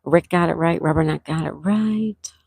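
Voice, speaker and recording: A woman with a low voice hosts a friendly trivia livestream. She reads viewers' names and answers straight from the chat and stretches out each question. The sound is dry and close, with no room echo. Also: normal speed, vocal fry, darkish tone. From near Fort Lauderdale, Florida. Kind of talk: casual live-stream chat, reading viewer answers. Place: indoors at home during a thunderstorm.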